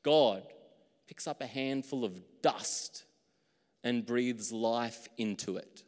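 A man's voice: mid-range voice, takes it slowly. Man, pastor's sermon, casual and self-mocking, long hall reverb. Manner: conversational, jokes at his own slips.

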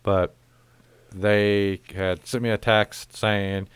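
A young man, low and smooth, tells a story on his podcast. He swears freely and acts out the other people in the tale. The sound is close and dry, with no room in it. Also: very slow, no echo. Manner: profane, animated storytelling with acted quotes. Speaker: podcast host. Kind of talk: casual chat, storytelling.

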